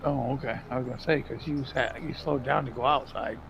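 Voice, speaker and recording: A man's voice: mid-range voice, steady tone, a little fast, gravelly, a bit bright, muffled recording, slight background noise. An older man, a grandfather, chatting easily with short replies while playing a farming game. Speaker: co-player. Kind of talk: casual gameplay chat.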